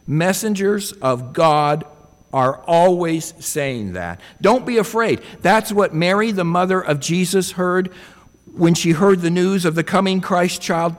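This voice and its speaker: A man's voice: fairly high pitch, expressive, a little slow, long reverb tail. A man preaching a sermon in a reflective way, often putting rhetorical questions to his listeners.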